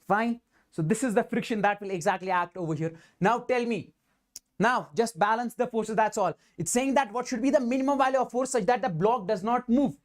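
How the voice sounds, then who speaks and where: Physics teacher, rhetorical drilling. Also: male voice, sits high. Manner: rhetorical questions, voices students' answers, repeats "hundred percent". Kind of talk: live online exam-prep lecture.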